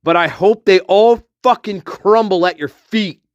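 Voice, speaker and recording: A man with a high-pitched voice delivers angry, profane true-crime commentary, full of contempt and name-calling. He stretches his insults out slowly. The audio is lo-fi with no room sound.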